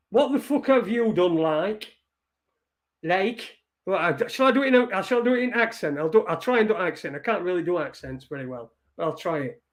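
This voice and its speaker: A man's voice: sits high, expressive, fairly quick. A man hosting an online show, swearing and mocking as he reads out messages. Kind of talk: casual live-stream rant.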